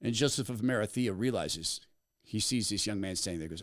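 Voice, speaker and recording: A man hosting a commentary podcast, retelling a story with a dramatic, storytelling delivery. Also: lowish voice. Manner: storytelling, dramatic pauses, animated. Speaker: podcast host. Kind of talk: commentary monologue.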